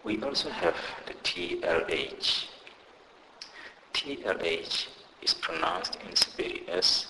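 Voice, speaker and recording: A man's voice: deep voice, sing-song, takes it slowly, creaky, bright, forceful tone, slight background noise, low-quality recording. A man teaching a beginner language lesson, spelling out letter pairs and saying each example word twice in a careful, scripted delivery. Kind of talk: slow scripted pronunciation lesson.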